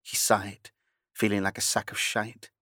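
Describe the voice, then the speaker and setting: A man narrating a novel aloud with a measured storytelling delivery. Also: fairly low pitch, flat delivery, sharp tone, no echo, studio quality. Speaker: audiobook narrator. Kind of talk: scripted narration.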